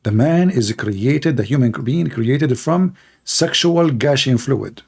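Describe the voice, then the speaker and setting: A man's voice: medium pitch, expressive, takes it slowly, gravelly, a little mellow, slightly rough. A man giving sarcastic, mocking livestream debate commentary in broken English. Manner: broken, non-native English phrasing. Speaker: online debater.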